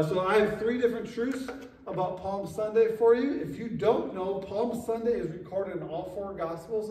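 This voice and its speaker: A man's voice: fairly high pitch, warm tone. A man preaching a sermon in a casual, conversational way, with frequent asides to the congregation. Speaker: pastor. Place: church sanctuary. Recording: echoey church sanctuary, mic at a distance.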